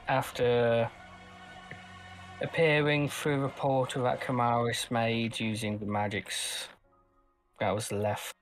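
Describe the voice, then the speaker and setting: A man running a tabletop game as game master, narrating slowly with pauses and restarts. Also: medium pitch. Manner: slow, halting narration with restarts.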